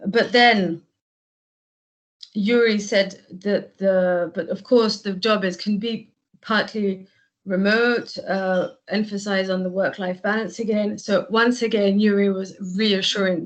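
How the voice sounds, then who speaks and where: A woman's voice: medium pitch, fairly even intonation, slow, dull audio. A woman giving spoken feedback on a role-play, weighing what went well against the mistakes. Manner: analytical, weighs strengths and mistakes. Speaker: workshop participant giving feedback.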